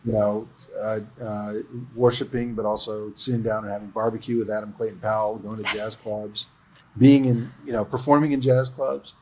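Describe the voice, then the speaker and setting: A man's voice: fairly low pitch, little pitch movement, normal speed, darkish tone, slight background noise, low-quality recording. Man telling earnest production stories. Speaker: film producer. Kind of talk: livestream interview.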